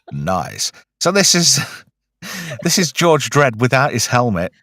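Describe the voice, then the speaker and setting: A man's voice: medium pitch, huge pitch swings, takes it slowly, sharp tone, dry recording, studio quality. A British man hosting a film review chat, rambling and joking, often restarting his sentences. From United Kingdom. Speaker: podcast host.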